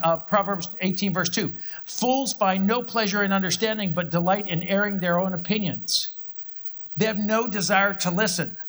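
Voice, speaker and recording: A man's voice: sits high, fairly bright tone. A middle-aged male pastor preaching a sermon in a conversational way, acting out his own thoughts as he tells a story.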